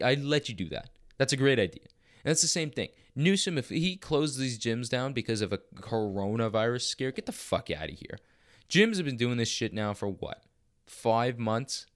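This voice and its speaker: Young guy, podcast host, foul-mouthed, rambling, blunt, casual monologue. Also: mid-range voice.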